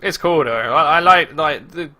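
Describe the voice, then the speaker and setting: A man's voice: on the high side, normal speed, bright, forceful tone. A man giving offhand, sarcastic gameplay commentary. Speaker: let's player.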